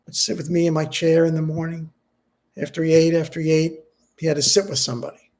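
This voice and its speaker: A middle-aged man, grieving and subdued, talking haltingly in a personal vlog, with many restarts and fillers. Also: on the high side, level tone, darkish tone. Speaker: vlogger.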